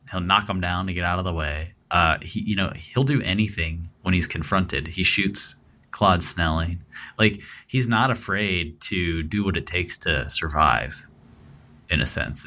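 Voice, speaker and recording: A man's voice: deep voice, pushed and bright. A man co-hosting a true-crime podcast, talking casually and rambling with lots of fillers and restarts. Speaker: podcast co-host.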